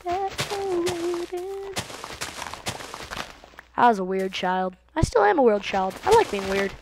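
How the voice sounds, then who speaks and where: A woman's voice: mid-range voice, sing-song, fairly quick, vocal fry, background noise. A teenage girl chatting casually while playing a video game, rambling and jumping from topic to topic in a silly, offhand way, recorded on a computer mic. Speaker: gaming video host. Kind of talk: casual let's-play commentary. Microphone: computer mic, voice set low. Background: game sounds from the video game.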